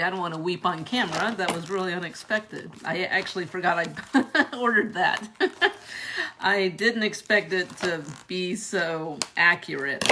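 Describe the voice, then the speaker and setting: A woman's voice: fairly low pitch, bright, forceful tone, slight background noise. A young woman chatting casually through an unboxing video, laughing often between her remarks. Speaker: vlogger reviewing a product.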